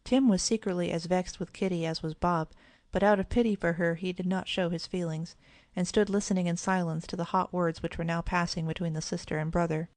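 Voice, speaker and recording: A woman narrating a children's audiobook in an even, clear storytelling manner, close to the mic. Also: fairly low pitch, brisk, dry recording.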